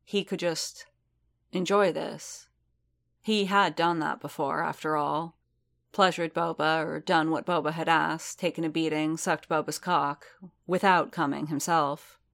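A woman narrating fiction in a measured, steady reading. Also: low-pitched, creaky.

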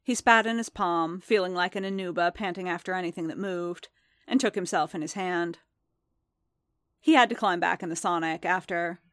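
A woman reading a story aloud with a low, measured voice. The delivery is steady and unhurried, and the sound is dry and close with no room around it. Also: no room sound. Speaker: narrator. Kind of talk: reading fan fiction aloud.

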